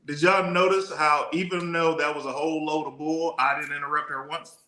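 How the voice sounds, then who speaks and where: A man's voice: on the high side, little pitch movement, a little fast, slight background noise. A man co-hosting a podcast in casual chat, teasing and joking, firm when making a point. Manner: teasing, joking, speaks his mind firmly. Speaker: podcast co-host. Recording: echoey room.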